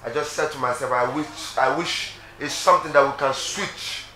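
Guy doing a heartfelt tribute, bright voice, roomy echo. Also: mid-range voice, moderate pace. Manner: affectionate, earnest. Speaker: reality show contestant. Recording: echoey room with faint noise.

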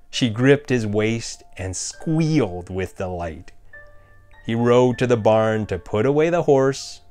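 A man narrating a scripted ghost story in a measured way and voicing the characters himself. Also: medium pitch, a little mellow.

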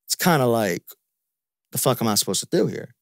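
A man's voice: mid-range voice, big pitch swings, fairly quick, gravelly, no echo, studio quality. A man venting in a frustrated, repetitive, profane way in a casual podcast chat. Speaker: podcast guest.

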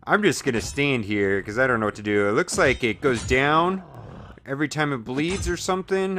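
A man's voice: mid-range voice, a bit bright, slight background noise. A man hosting a mobile game video, giving casual, rambling, self-deprecating commentary while he plays. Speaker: mobile gaming video host.

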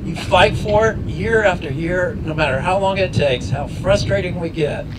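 A man's voice: high-pitched, normal speed. A man emceeing an outdoor rally, folksy and rousing as he urges the crowd on. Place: outdoors at a riverside lock. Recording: noisy outdoor recording.

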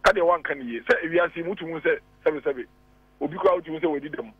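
A man with a Ghanaian accent calling in as a radio guest, arguing deliberately with rhetorical questions, heard over a phone line. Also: a little high, breathy edge, dry recording. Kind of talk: radio talk show discussion.

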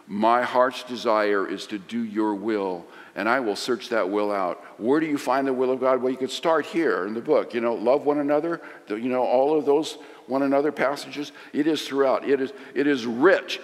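A middle-aged man preaching a sermon, swinging from loud emphasis to hushed lines. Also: medium pitch, normal speed, hardly any pauses. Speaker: pastor. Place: large church sanctuary. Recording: long hall reverb.

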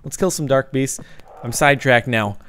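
A young man giving jokey, excitable let's-play commentary, breaking into yelps and sing-song chants. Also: mid-range voice, normal speed, a little hiss or hum. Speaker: gaming YouTuber.

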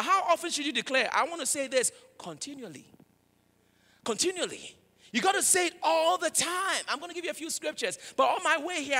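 A man preaching in a church sanctuary, his voice very high and bright, with a long reverb hanging in the hall. He swings between loud proclaiming and low, quiet emphasis. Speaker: pastor. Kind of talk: sermon.

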